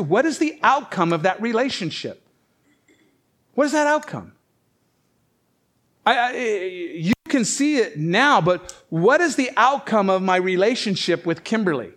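A man's voice: sits high, animated, unhurried, a bit bright. A man preaching a conversational sermon, reading scripture aloud and asking rhetorical questions. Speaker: pastor.

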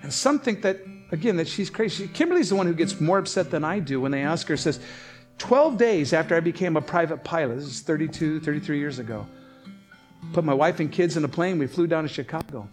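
A man delivers a sermon in a voice that sits a bit higher than most men's. He tells stories with lively energy, jumping up in pitch to act out the people he quotes. Faint guitar plays softly beneath him. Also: fairly quick. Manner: animated storytelling, voices rising sharply for quoted people. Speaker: pastor.

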